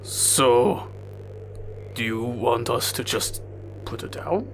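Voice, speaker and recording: A man's voice: mid-range voice, slow, fairly bright tone, a little hiss or hum, voice pushed down. A man voicing a blunt, awkward orc warrior in a tabletop game.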